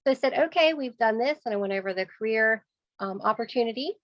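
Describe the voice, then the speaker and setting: Upbeat woman consultant, a little high-voiced, sharing a client story on a slightly muffled call, playing every voice in it. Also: fast talker, no room sound. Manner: lively, acts out quoted voices, laughs often. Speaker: skincare sales consultant. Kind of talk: storytelling sales tips on a group call. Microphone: video call.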